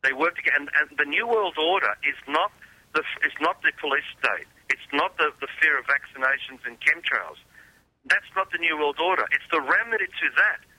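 A man's voice: fairly high pitch, fairly quick, sharp tone, dry recording, rough recording. Emphatic man on a dry line. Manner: emphatic, repeats words, restarts often. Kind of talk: conspiracy talk.

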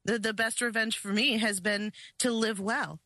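A woman's voice: on the high side, steady tone, normal speed, bright, forceful tone, no echo. A woman as a guest in a casual interview chat, speaking earnestly.

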